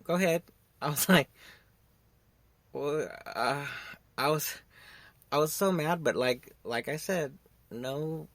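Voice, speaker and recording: A young man hosting a podcast, telling a story in a rambling, casual way. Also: medium pitch. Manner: rambling, animated when acting out quotes. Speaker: podcast host.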